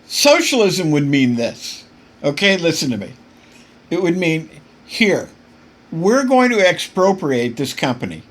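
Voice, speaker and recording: This political podcast host's voice sits on the high side, fairly bright and sing-song, at an unhurried pace. He grows worked up again and again as he delivers emphatic, passionate commentary, frequently stumbling and repeating himself.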